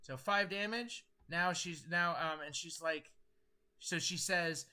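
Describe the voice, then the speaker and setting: A man's voice: fairly high pitch, slow, bright, forceful tone, smooth. A man running a tabletop game as game master, thinking aloud as he tallies dice rolls. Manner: thinks aloud while tallying dice, with many fillers.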